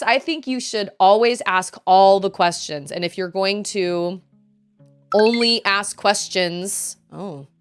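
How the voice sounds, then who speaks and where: A Texas woman with a medium-pitched, slightly bright voice streams a video game, chatting casually with her chat and laughing often.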